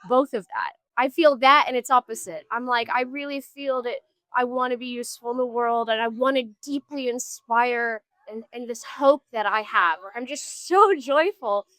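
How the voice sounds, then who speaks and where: Woman, musician guest, earnest, halting restarts, higher pitch, dry sound. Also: a bit bright, dry recording. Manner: earnest, searching, trails off and restarts. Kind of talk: street interview. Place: outdoors on a street.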